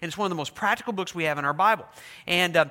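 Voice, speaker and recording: A man preaching a sermon as pastor, animated and asking his congregation questions. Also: high-pitched, very fast. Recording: long hall reverb.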